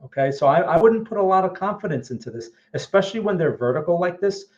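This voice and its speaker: A man's voice: high-pitched, animated, fast, darkish tone, dull audio. Blunt man reviewing trading charts. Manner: blunt, emphatic, often says okay. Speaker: trading analyst host. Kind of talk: live-stream chart analysis.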